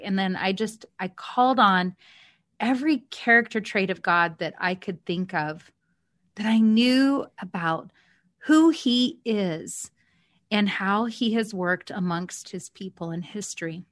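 A woman co-host shares a personal story on a faith podcast, earnest and heartfelt, stumbling now and then over her words. Her voice sits at an everyday middle pitch. The sound is dry and close, with no room around it. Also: measured pace, dry recording.

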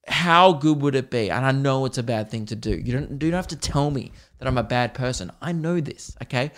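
A young man from Australia ranting in a profane, jokey way on a solo podcast. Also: a little high. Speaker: podcast host.

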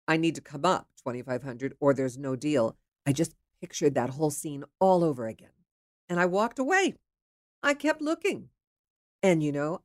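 A low-pitched woman from the Pittsburgh area, USA, recorded at studio quality with no room sound, shares a personal dating story. She's candid, frank, and chatty, swearing now and then.

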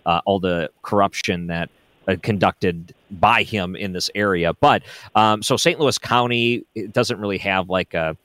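A man hosting a late-night radio talk show, relaxed and often laughing as he chats. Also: deep voice, measured pace, dry recording.

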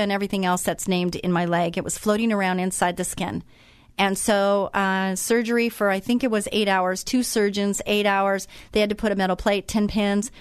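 On her faith-based radio program, a middle-aged woman eagerly recounts a story in a chatty way, frequently starting her sentences over. She has a smooth, medium-pitched voice, captured in clean studio sound without echo.

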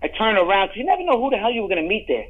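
A middle-aged man, an actor, telling rambling, animated anecdotes in a casual interview, often restarting his sentences. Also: sits high, rapid-fire, phone-quality sound. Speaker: guest, actor.

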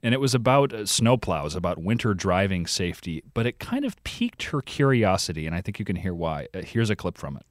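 A man's voice: sits low, big pitch swings, fairly quick, hardly any pauses. A man from outside Chicago, a podcast co-host answering interview questions in a chatty, explanatory way.

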